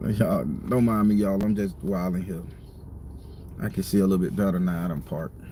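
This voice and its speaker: A man's voice: low-pitched, moderate pace, dark tone, slight background noise. A man hosting a live stream from a parked car, venting in a heated, profane rant. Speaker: tarot reader and channel host.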